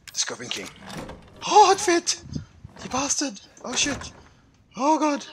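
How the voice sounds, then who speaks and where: A man's voice: very high voice, huge pitch swings, measured pace, pauses often, pushed and bright, soft background music. A man playing a horror game and commenting live, swearing constantly and yelping in panic. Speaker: let's play gamer.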